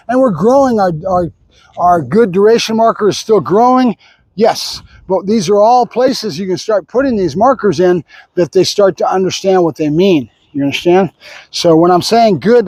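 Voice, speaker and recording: A man working as a dog trainer, explaining his methods while he trains, chatty and full of quick repeated marker words like "good" and "nope". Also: high-pitched, a little mellow, dry recording. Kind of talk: instructional training narration.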